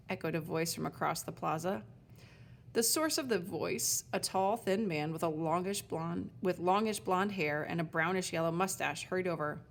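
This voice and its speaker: A woman narrating a children's storybook chapter in an even, clear storytelling manner. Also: lowish voice, moderate pace, a little hiss or hum. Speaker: audiobook narrator.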